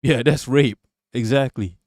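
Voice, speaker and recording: A man's voice: mid-range voice, unhurried, a little mellow, no room sound, studio quality. Profane sarcastic man on a live stream. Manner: profane, sarcastic, talks to chat. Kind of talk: casual live-stream commentary.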